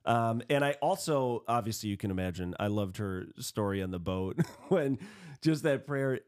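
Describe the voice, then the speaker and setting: A man hosting a church podcast in casual chat, chatty and rambling, quick to laugh. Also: on the low side, animated, smooth. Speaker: podcast host.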